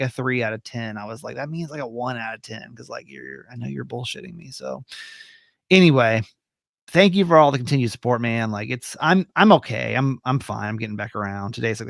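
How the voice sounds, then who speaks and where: A podcast host chats casually and ramblingly, swearing now and then. His mid-range voice has vocal fry and a fairly bright tone, captured on a dry recording with clean studio sound.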